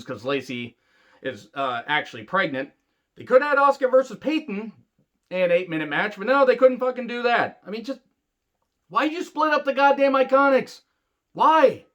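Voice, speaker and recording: A man's voice: high voice, pushed and bright. A man ranting angrily and sarcastically in a wrestling review, swearing heavily. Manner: angry, sarcastic, heavy swearing. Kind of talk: profane rant review.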